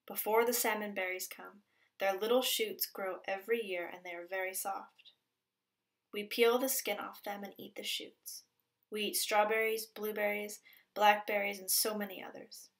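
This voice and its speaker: Woman teacher, storybook read-aloud, gentle, expressive, middle pitch, soft whispers at times. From Pacific Northwest coast.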